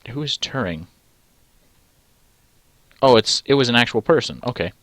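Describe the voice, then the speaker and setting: A man's voice: medium pitch, lively intonation, normal speed, fairly bright tone, no echo. A man reading a text adventure game aloud and adding dry, sarcastic asides. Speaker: let's play gamer.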